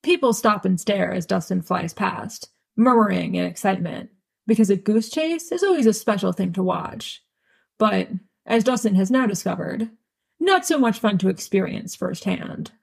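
A woman narrates a story in a wry, deadpan way. Her voice is gravelly and husky, and she sits at a middling pitch. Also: normal speed. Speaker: audiobook reader. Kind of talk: fan audiobook narration.

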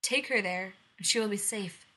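A woman's voice: mid-range voice, normal speed, bright, forceful tone, slightly rough. A woman voicing a desperate young queen. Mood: urgent.

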